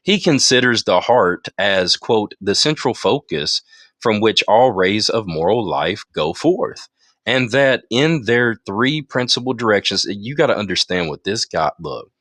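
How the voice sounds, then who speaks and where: A man's voice: on the low side, expressive, measured pace, fairly bright tone, dry recording, clean studio sound. A man leading a Bible study, reading passages aloud and breaking off into emphatic asides to his listeners. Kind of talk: teaching with read-aloud passages. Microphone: phone in an audio chat room.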